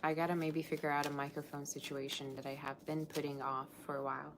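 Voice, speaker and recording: A woman's voice: low-pitched, level tone, quick pace, background noise. A woman tarot reader chatting casually on a live stream, scattered and often interrupting herself.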